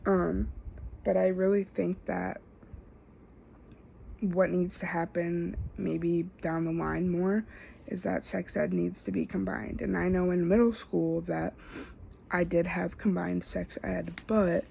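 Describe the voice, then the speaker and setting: Young female student, low and gravelly, stumbling through an informal self-assessment with light hiss behind. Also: fairly even intonation, dark tone. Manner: halting, filler-heavy, self-correcting. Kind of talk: casual spoken self-assessment.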